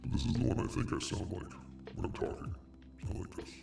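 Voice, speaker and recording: A man using a voice changer filter to sound very deep, musing softly. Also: a little fast, vocal fry, over music. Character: deep gravelly inner voice.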